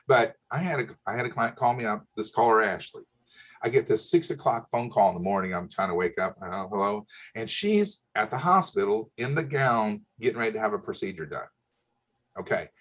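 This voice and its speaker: Folksy man, husky and lo-fi. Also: on the low side, animated, brisk, fairly bright tone. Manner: folksy, emphatic, says okay a lot. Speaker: insurance broker guest. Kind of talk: casual storytelling.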